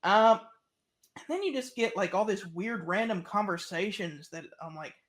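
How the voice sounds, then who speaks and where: A co-host reviewing an album in casual chat, ranting in an animated, exasperated way. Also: mid-range voice, moderate pace.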